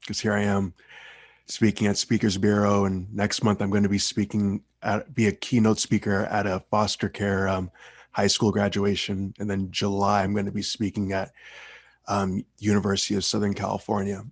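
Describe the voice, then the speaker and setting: Young male speaker, low gravelly voice, dry sound, heartfelt and earnest tribute speech. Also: monotone, moderate pace, no echo. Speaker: Toastmasters speaker.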